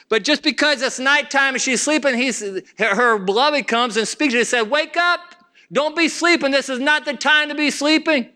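A man's voice: sits high, bright, forceful tone. A man preaching a sermon to his church, with rising emphasis and frequent restarts. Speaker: pastor.

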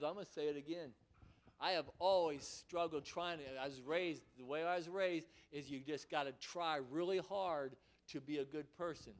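A man preaching a fervent sermon in church, often repeating and restarting his words as he presses his point. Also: fairly high pitch. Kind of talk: impassioned sermon.

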